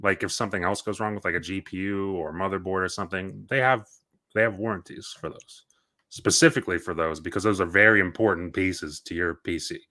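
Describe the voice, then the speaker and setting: Guy on a gaming podcast, low-ish but bright voice, rambly, keeps restarting his sentences. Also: fairly quick. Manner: rambling, self-correcting storyteller. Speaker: podcast co-host. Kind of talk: casual gaming podcast chat.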